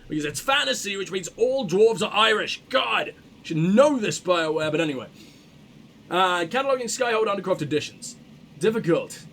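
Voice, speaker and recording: A man giving casual gameplay commentary, reacting out loud and swearing freely as he thinks aloud. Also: sits high, slight background noise. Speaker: let's play commentator.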